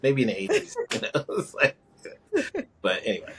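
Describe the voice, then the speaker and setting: Man, low voice, rambling casual chat, halting restarts, from New York. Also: animated, slight background noise. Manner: rambling, halting, quick laughs. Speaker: guest. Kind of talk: casual conversation.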